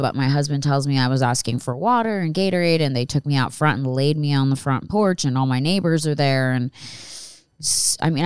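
A woman's voice: very deep voice, smooth, dry recording, clean studio sound. Candid, profane woman in her thirties. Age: 30s. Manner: candid, profane, rambling with restarts. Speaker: podcast host. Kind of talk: casual storytelling monologue.

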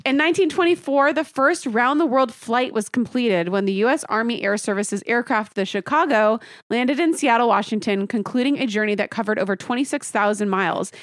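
A woman's voice: fairly high pitch, a little fast, hardly any pauses, no room sound, studio quality. A woman in her thirties co-hosting a podcast in casual chat, blunt and opinionated and swearing freely. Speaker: podcast co-host.

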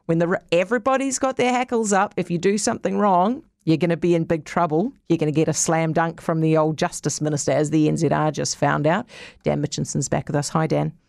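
Brisk low-voiced New Zealand woman host. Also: steady tone, creaky, a little mellow, no echo, clean studio sound. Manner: brisk, chatty, direct. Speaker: radio news host. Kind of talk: live news interview.

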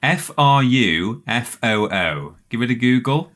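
A man's voice: medium pitch, animated, unhurried, a bit bright. A man co-hosting a casual podcast, telling long anecdotes with laughing asides. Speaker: podcast co-host.

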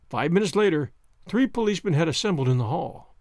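A man narrating a classic detective story in a measured, expressive audiobook reading. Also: on the high side, no echo, studio quality.

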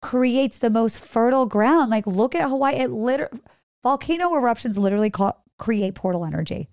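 Woman guest, animated spiritual chat, casual swearing, dry close-miked sound. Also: fairly high pitch, fairly quick, clear, resonant tone, no room sound. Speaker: guest, former preschool teacher. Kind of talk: casual podcast conversation.

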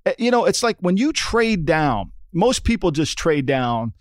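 A man's voice: fairly high pitch, sing-song, measured pace, no room sound, studio quality. Emphatic middle-aged man, sports talk. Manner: emphatic, repeats points, says "okay?" often. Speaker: podcast co-host, former NFL front office.

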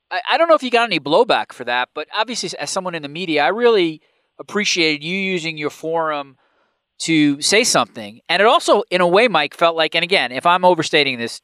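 A man's voice: sits high, pushed and bright, clear, resonant tone, dry recording. A man interviewing a guest, asking long, carefully built questions.

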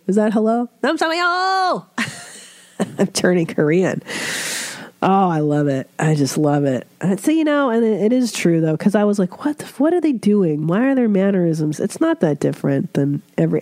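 Woman podcast host with a cold: stuffy, chatty, loose-mouthed, with a dark, dry tone. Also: fairly low pitch, no room sound. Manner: chatty, swears freely, puts on voices when quoting others. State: congested from a cold. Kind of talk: casual chat.

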